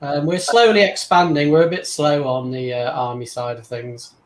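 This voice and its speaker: A man's voice: a little high, fairly even intonation, moderate pace, reverberant. A man with an English accent, a guest in a casual online chat, laid-back and dryly amused, talking over a video call.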